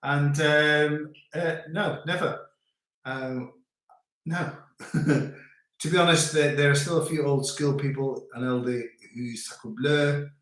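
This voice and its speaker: A man's voice: a little high, steady tone, takes it slowly, a bit bright, echoey room. A man from the UK casually chatting on a livestream, joking and reading out viewer comments. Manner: jokey, reads out viewer comments. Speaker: livestream host.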